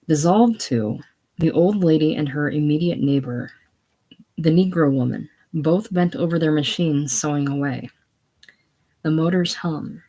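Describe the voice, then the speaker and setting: A reader casually reading stage directions of an old teleplay aloud in a plain, unhurried way. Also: mid-range voice, a little mellow, low-quality recording.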